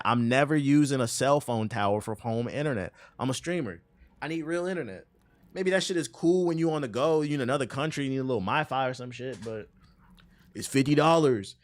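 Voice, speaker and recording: A man in his thirties rambles through profane stories while gaming on stream. His voice sits at an ordinary middle pitch. The close mic leaves the sound dry, with no room around it. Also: dry recording. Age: 30s. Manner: loose, profane storytelling with laughs and asides. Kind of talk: casual gaming stream chat.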